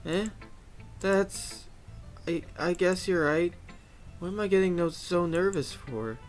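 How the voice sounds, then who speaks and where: Guy putting on a shy bookworm girl, stammery and hesitant, a bit high. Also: slow, soft background music. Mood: nervous. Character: shy, nervous bookish teen girl.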